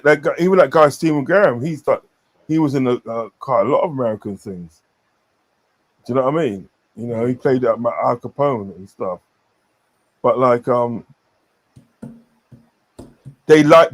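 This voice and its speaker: A man chatting casually on a stream, rambling with many fillers and repeated phrases. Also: mid-range voice. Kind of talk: casual chat.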